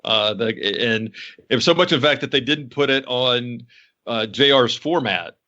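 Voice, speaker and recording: A man co-hosting a podcast in casual chat, telling stories in an animated way with many restarts and laughs. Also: mid-range voice, moderate pace, highs cut off. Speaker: podcast co-host.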